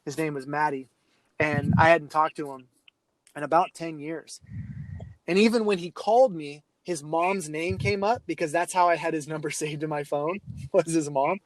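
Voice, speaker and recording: A man's voice: a little high, normal speed, no room sound, rough recording. A man who coaches youth sports, telling stories as a podcast guest and acting out the kids he quotes. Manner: animated anecdotes, acts out quoted kids. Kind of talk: storytelling in a casual interview.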